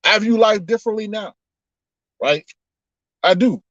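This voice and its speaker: A man chatting casually on a livestream with his viewers, animated and laughing often as he drifts into preachy asides. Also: high voice, a little slow, dry recording, muffled recording. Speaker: online streamer.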